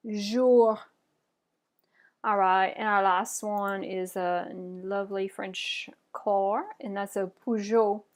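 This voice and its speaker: A woman guiding learners through French sounds in a patient, encouraging way. She says each example slowly and clearly, then prompts her students to try it. Her pitch is in the middle range. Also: level tone. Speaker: French teacher. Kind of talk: pronunciation lesson.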